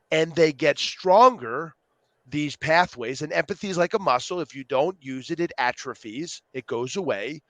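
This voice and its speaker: A man being interviewed as a youth program co-founder, explaining ideas with lively acted-out quotes. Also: mid-range voice, no echo. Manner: animated storyteller, acts out quotes. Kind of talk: podcast interview.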